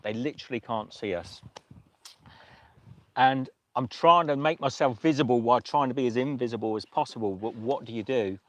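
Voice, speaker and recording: A man hosting a livestream, telling a story in a casual, emotional way with many halting restarts. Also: mid-range voice. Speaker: livestream host.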